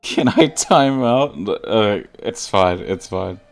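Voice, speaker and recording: A man's voice: fairly low pitch, expressive, slow, vocal fry, faint music behind. A man streaming a game live, joking and laughing with his chat as he plays. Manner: jokey, laughs often, talks to chat. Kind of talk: live gameplay commentary chatting with viewers.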